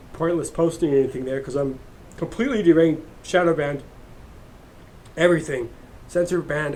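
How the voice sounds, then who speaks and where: A man's voice: on the high side, a little hiss or hum. A man ranting in a crude, heated, rambling monologue as a vlogger.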